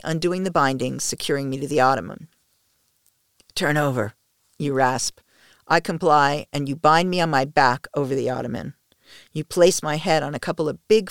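A woman narrating an intimate first-person story in a soft, hushed, slow manner. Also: deep voice, gravelly, no echo, clean studio sound.

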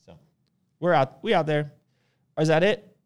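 On this casual supplements podcast, the co-host speaks in a fairly high, clean-toned voice without any hurry. His talk is relaxed and meandering, with plenty of fillers and false starts.

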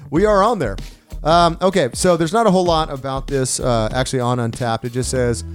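A man's voice: mid-range voice, brisk, soft background music. A young man co-hosting a casual podcast chat, loose and profane, often laughing. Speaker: podcast co-host.

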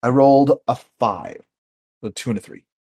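A man's voice: mid-range voice, mellow. A man playing in a tabletop game, chatting in a playful, joking way. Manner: playful, joking, quick to laugh. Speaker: player. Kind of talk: casual tabletop game chat.

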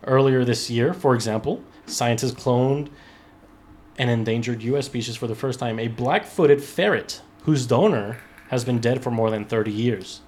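A man hosting a relaxed podcast, working his way through a news article. He reads in a loose, chatty way, tripping over words and breaking off for profane asides to his friends. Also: mid-range voice, normal speed, a little hiss or hum. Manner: loose, laughing, profane, restarts while reading. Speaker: podcast host. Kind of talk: casual podcast chat, reading an article.

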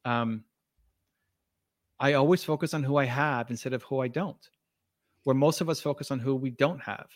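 In a dry, studio-quality recording, a male podcast guest who makes videos talks at normal speed in a mid-range voice, leaving long pauses. His tone is earnest and motivational, and he often restarts sentences and uses fillers in this conversational interview.

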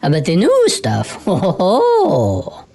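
A voice actor playing a dry, sardonic robot co-host on a comedy podcast, speaking in a scornful deadpan. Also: female voice, on the low side, takes it slowly, heavily acted.

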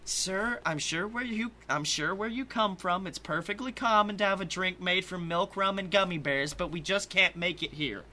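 A man's voice: high-pitched, moderate pace, few pauses, bright, forceful tone, slight background noise. A man voicing a politely firm, exasperated waitress in a comic podcast reading.

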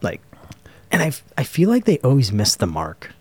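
A man talking in a relaxed, rambling way in a casual chat, full of fillers. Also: medium pitch, normal speed, husky, no room sound. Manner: laid-back, rambling with lots of fillers.

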